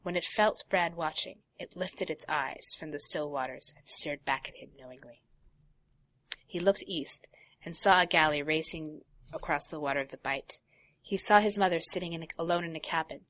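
A woman co-hosting a casual talk show, reading a long passage from a novel aloud and breaking off for quiet asides. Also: low-pitched. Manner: reads prose steadily, drops to quiet asides. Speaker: podcast co-host.

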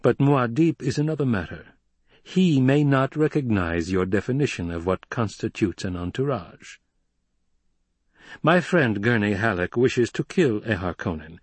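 A man's voice: mid-range voice, expressive, husky, dry recording. A man reading a resolute young duke. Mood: cold resolve. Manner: measured, firm. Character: resolute young male duke, cold and commanding.

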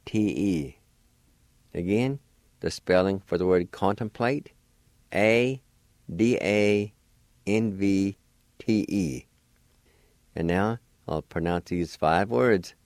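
Slow, careful male language teacher. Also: lowish voice, a little mellow, no echo, clean studio sound. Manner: slow, careful syllable-by-syllable pronunciation; encouraging. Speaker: radio host and language teacher. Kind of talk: radio language lesson.

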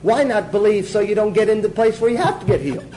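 Emphatic high-voiced male preacher. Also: animated, fast, dark tone, slight background noise, low-quality recording. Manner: emphatic, asks the class questions and answers them, chuckles. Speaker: Bible teacher. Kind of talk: sermon teaching to a class.

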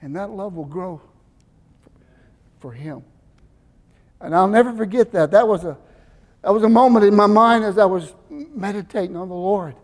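An older male pastor preaching a sermon, questioning his congregation and answering himself, moving between loud emphasis and soft asides. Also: high voice, moderate pace, pauses often. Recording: reverberant church hall.

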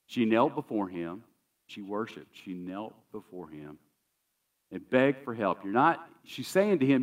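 A man's voice: fairly low pitch, sing-song, unhurried, distant mic. A man pastor preaching a sermon in a conversational, emphatic way, often repeating key phrases.

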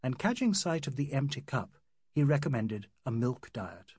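A man reads a classic novel aloud in a measured, wry manner. His voice is slightly husky and a touch high, with lively rises and falls, recorded close and dry with no room sound. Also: no echo. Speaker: narrator. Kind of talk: audiobook narration of a classic novel.

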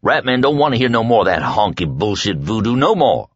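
A man's voice: on the low side, sing-song, a little fast, breathy edge, dry recording, lo-fi sound, voice pushed up. A man voicing a grinning, jeering male jailer who taunts his prisoners with gleeful mockery. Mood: scared, angry.

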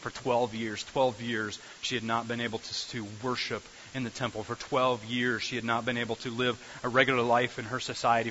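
A man preaching a sermon as a pastor, animated, repeating phrases and restarting sentences as he builds his points. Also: mid-range voice, brisk, hardly any pauses. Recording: dull recording with faint hiss.

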